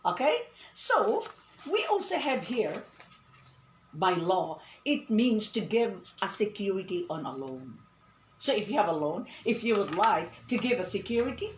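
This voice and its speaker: Lady teaching english, bouncy pitch, echoey room w faint hum. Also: a bit bright. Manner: emphatic, repeats "no, no" when correcting. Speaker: English tutor. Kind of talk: radio-style online English lesson.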